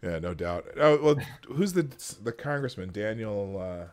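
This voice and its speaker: A man hosting a livestream show, chatting casually and excitably, often shifting closer to and farther from the mic. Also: fairly low pitch, moderate pace, soft background music. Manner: excitable, loudness jumps as he moves around the mic. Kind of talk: casual chat.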